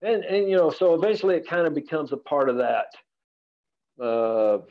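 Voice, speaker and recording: A man's voice: a little high, animated, moderate pace. Rancher guy on a podcast, folksy and earnest, kinda rambly, audio a bit dull. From Central Texas, USA. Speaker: rancher guest. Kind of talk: relaxed podcast conversation. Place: office.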